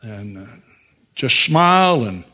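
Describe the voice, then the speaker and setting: A man's voice: medium pitch, sing-song, slow pace, dull audio. A man preaching a sermon as a pastor, telling stories in a folksy way and chuckling often.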